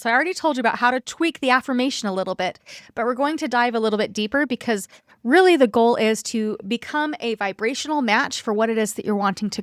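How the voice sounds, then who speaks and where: A woman's voice: on the high side, a bit bright, no echo, studio quality. A woman in her thirties hosting a self-help podcast, coaching listeners in an encouraging way and regularly checking in with them. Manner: guides listeners through reflection.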